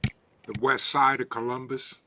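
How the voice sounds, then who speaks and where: A man's voice: medium pitch, flat delivery, measured pace, background noise. A man co-hosting a livestream on a video call, answering in a laid-back, terse way. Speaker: co-host. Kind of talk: casual chat.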